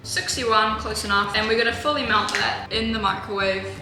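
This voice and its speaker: A woman's voice: fairly high pitch, fairly even intonation, normal speed, reverberant, background noise. A young woman from New Zealand with a New Zealand accent, chatting offhandedly and jokingly while she bakes for a cooking vlog. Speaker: cooking vlogger. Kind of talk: casual cooking vlog chat.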